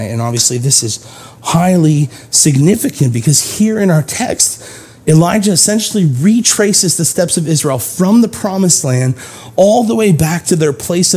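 A man's voice: on the high side, a little mellow, husky. A man preaching a sermon in a conversational way, explaining scripture and acting out its dialogue. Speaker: pastor.

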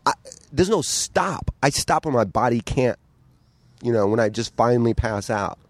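A man's voice: mid-range voice, lively intonation, moderate pace, dry recording. A man guest in a casual chat, talking bluntly and candidly and swearing often. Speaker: podcast guest.

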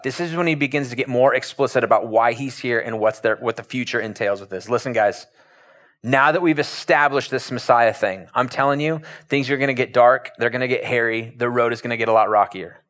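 A male pastor preaching a sermon in a conversational, animated storytelling manner. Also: mid-range voice, fairly quick.

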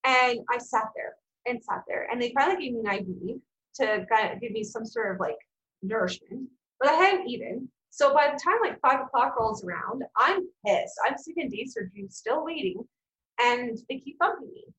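A woman, guesting on a podcast and telling a personal story in a frank, blunt, animated way, swearing freely. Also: on the high side, normal speed, echoey room, low-quality recording. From Canada. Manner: animated, acts out quoted people. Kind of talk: casual storytelling.

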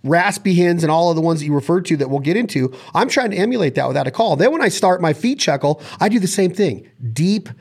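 A man's voice: high voice, animated, fast, hardly any pauses, darkish tone, slightly rough. A man hosting a casual chat on duck calling, speaking with enthusiasm and sometimes breaking into vocal call sounds. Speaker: podcast host.

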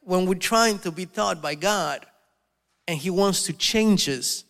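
A man preaching a sermon as pastor, animated and telling stories, often acting out the voices of people he quotes. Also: high voice, slow, vocal fry. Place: church hall. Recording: long reverb of a hall.

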